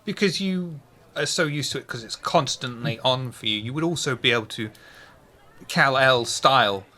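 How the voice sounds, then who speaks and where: A man narrating a tabletop horror game as game master in a measured way. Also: mid-range voice, sharp tone.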